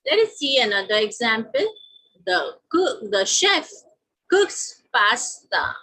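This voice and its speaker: A fairly high-voiced woman with an Indian English accent teaches a grammar lesson at a slow, deliberate pace. Her voice is a little husky, and her pitch swings widely as she asks questions and answers them herself. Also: big pitch swings, sharp tone, poor audio. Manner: slow, repeats each example sentence.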